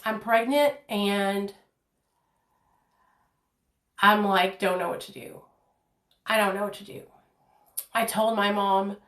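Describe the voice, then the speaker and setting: A woman's voice: medium pitch, steady tone, takes it slowly, long pauses, fairly bright tone, roomy sound. A woman in her thirties telling her own life story to viewers in a candid, earnest way, talking from her kitchen at home. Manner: candid, earnest, addresses viewers as "you guys". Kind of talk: personal storytime.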